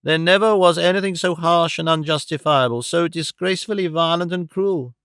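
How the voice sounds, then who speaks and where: A man reading an audiobook voices a tearful, self-pitying young woman, speaking high and hurried through sobs. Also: a bit bright, smooth, no echo, clean studio sound.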